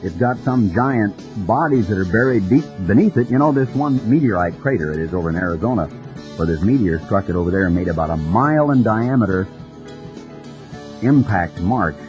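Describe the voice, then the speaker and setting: A man preaching a radio sermon in a folksy, storytelling manner, with a husky voice. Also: lowish voice, animated, fairly quick, darkish tone, faint music behind. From United States. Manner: folksy storytelling, mimics voices in quoted dialogue. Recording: dull lo-fi radio broadcast.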